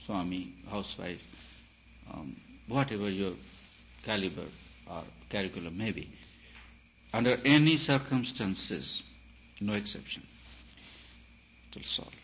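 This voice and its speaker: Speaking at a measured pace with a lowish voice, a spiritual teacher delivers his talk emphatically, pausing often and posing rhetorical questions. His loudness rises and falls. A faint hiss runs beneath the dull, lo-fi recording.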